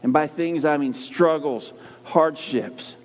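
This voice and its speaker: Husky-voiced preacher in a reverberant hall. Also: male voice, on the high side. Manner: emphatic, repeats key phrases with drawn-out stress. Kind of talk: sermon. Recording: dull recording with long hall reverb.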